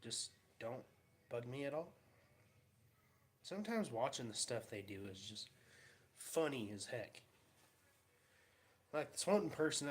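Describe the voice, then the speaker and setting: A man chatting casually in a vlog, telling wry, rambling stories about his day. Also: medium pitch. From Pacific Northwest of the US. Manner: rambling, wry storytelling with mocking voices. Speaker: vlogger.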